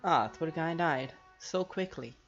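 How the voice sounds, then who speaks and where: Young guy rambling over his gameplay, jokey, muffled-ish audio, game music low. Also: unhurried, fairly bright tone. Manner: chatty, jokey, thinks aloud. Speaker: gamer narrating gameplay. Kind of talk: casual gameplay commentary. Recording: slightly dull audio, faint game music.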